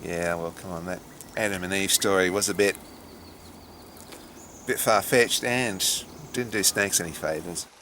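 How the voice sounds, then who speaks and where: A man's voice: low-pitched, measured pace, pauses often, pushed and bright, a little hiss or hum. A middle-aged man with an Australian accent, a snake handler giving chatty, dry vlog commentary.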